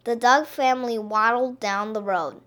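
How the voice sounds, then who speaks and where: A woman reading a children's picture book aloud in an expressive, drawn-out way. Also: a little high.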